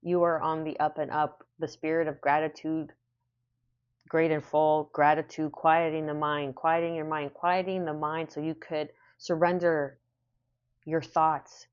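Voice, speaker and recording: A woman's voice: low-pitched, level tone, measured pace, clear, resonant tone, dull audio. A woman giving a casual spoken tarot reading, repeating phrases in a soothing, affirming way. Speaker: tarot reader.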